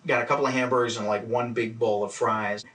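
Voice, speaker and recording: A man telling a story in an amused way, acting out what each person said. His voice is bright and sits in a middle register. He sounds somewhat far from the mic. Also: mid-range voice, fairly even intonation, brisk. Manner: amused, acts out quoted lines. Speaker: interviewee, friend. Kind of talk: anecdotal storytelling.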